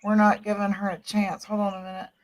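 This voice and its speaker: A woman on a casual online panel passes along chat comments, pausing and hesitating as she goes. Her voice stays flat and even in pitch. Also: crowd noise. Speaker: panel member.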